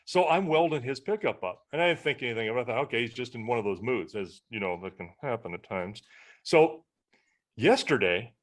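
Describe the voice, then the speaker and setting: A man in a relaxed podcast conversation with a mid-range, everyday voice. He tells stories with animation, briefly jumping into the voices of the people in them. The delivery is casual and conversational. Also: medium pitch, a little fast. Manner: animated storyteller, acts out quoted exchanges. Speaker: podcast co-host. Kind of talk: casual storytelling chat.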